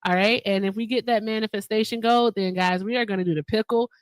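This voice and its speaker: A woman's voice: mid-range voice, steady tone, fast, clear, resonant tone, no room sound. A woman co-hosting a livestream, chatty and upbeat, laughing often. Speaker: livestream co-host. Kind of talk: casual livestream chat.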